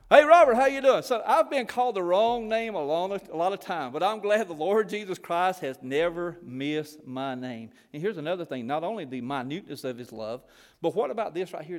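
High-voiced preacher in a hall. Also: male voice. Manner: folksy storytelling, Southern phrasing. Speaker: preacher, former missionary. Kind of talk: sermon. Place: church.

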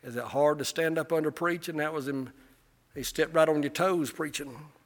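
A middle-aged man preaching a sermon, impassioned, swelling to loud peaks and often repeating his words. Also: a little high, normal speed. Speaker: pastor.

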